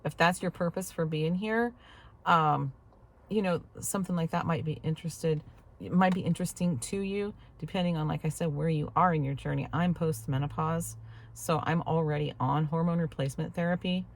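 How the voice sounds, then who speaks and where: A woman's voice: low voice, moderate pace. A post-menopausal woman in her fifties chatting casually to camera, rambling and laughing now and then, recorded on a clip-on mic. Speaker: vlogger. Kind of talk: casual vlog chat. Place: in a parked truck.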